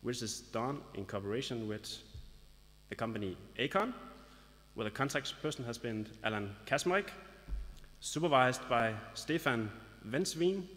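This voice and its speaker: A man representing a local business association speaks formally at a graduation ceremony, mixing in light jokes and an announcer's delivery. His voice is medium-pitched and fairly bright, echoing with the long reverb of the large hall.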